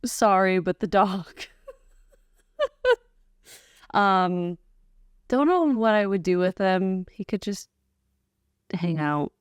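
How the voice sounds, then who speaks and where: A woman's voice: mid-range voice, slow pace, long pauses, smooth, no room sound. A woman co-hosting a podcast in casual chat, easygoing and jokey. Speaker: podcast co-host.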